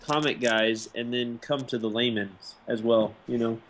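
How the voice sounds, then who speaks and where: A man's voice: medium pitch, steady tone, moderate pace, a bit bright, slight background noise. A man hosting a casual podcast chat, rambling with many fillers and restarts. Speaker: podcast host.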